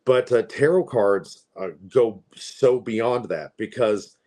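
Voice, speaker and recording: At a slow pace, with medium pitch and a darkish tone, a tarot reader from Appalachia in his forties tells stories. He chats and rambles casually, filling in with frequent fillers.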